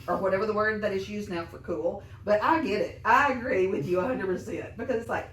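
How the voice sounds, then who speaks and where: A woman's voice: mid-range voice, a little fast. A middle-aged woman hosting a casual interview with students, chatty and encouraging, laughing often. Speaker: interviewer, school staff host. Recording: echoey room, mic from a distance, faint noise.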